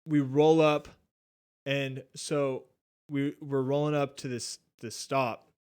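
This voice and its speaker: A young man casually telling a travel story, animated and swearing often, acting out what people said. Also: mid-range voice, slow, smooth. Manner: animated, swears a lot, acts out quotes. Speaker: podcast guest.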